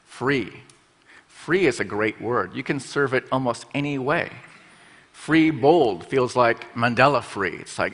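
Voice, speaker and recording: A man's voice: medium pitch, measured pace, a bit bright. Playful man speaking in a big hall. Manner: playful, acts out little voices for fonts. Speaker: speaker giving a talk. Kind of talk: conference talk. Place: conference stage in a large hall. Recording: large hall with long reverb.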